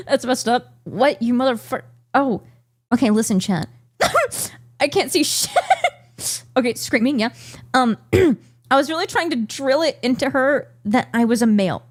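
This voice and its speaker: A high, bouncy woman's voice chatting to a live stream audience. She is giggly and incredulous, and her pitch jumps all over the place. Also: expressive, moderate pace. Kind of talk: casual live-stream chat.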